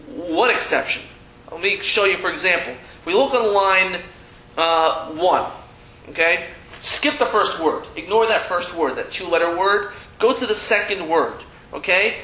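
In a classroom with a board, a man teaches a Hebrew reading class in a chatty, self-deprecating way, often restarting his sentences. His high voice sounds pushed and bright, and the rough recording is roomy with a little hiss or hum.

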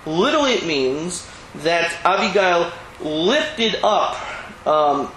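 High-voiced man teaching Talmud, roomy echo. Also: expressive, slow pace, sharp tone. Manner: storytelling, acting out quoted dialogue; explains Hebrew and Aramaic terms in plain English. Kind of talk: Talmud class lecture. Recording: roomy echo, faint ambient hum.

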